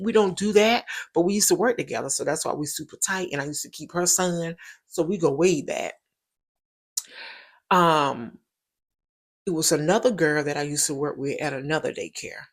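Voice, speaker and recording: A woman's voice: low-pitched, moderate pace. A woman, hosting a show and telling a personal story in a casual, emphatic way, often repeating her points for stress. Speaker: show host.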